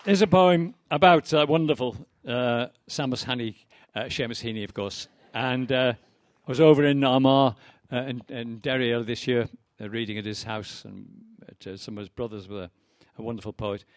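A man's voice: mid-range voice, brisk, hardly any pauses, no room sound, clean studio sound, some chatter behind. A poet giving a reading of his poems with anecdotes, chatty and wry, full of ums and uhs.

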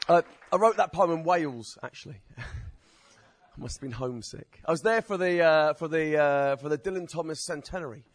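A stand-up poet from Essex, England, mixes comedy with poetry performance, rambling, poking fun at himself and chatting with the crowd. His voice is fairly high and moderately paced, and the sound is dry with no echo.

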